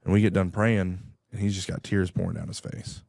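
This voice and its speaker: Low gravelly dude rambling thru a story, casual, dry mic. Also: male voice, level tone, fairly quick, a little mellow, no room sound. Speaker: guest. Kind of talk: personal storytelling. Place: radio studio.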